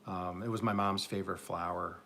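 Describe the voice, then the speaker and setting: A man's voice: deep voice, steady tone, brisk, creaky, bright, forceful tone, a little hiss or hum. A man with an upstate New York accent, chatting casually and joking with viewers during a live garden stream. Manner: rambling, self-mocking, joking with chat viewers. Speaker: garden channel host. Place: home garden, Oklahoma.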